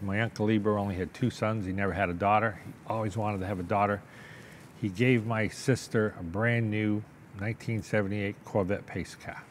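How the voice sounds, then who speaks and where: An older man telling a long, animated story in a sit-down interview, acting out the voices of the people in it and often checking in with "okay?". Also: fairly low pitch, slight background noise. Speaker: interview guest, business owner.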